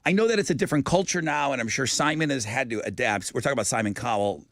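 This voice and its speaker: A man's voice: mid-range voice, fast talker, no room sound. A man hosting a radio show, teasing his co-hosts in casual studio banter. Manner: teasing, animated storyteller.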